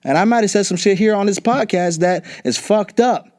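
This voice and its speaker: A man's voice: sits high, normal speed, a little mellow. A young man hosting a podcast, ranting bluntly and profanely in casual talk. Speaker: podcast host. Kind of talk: casual political rant.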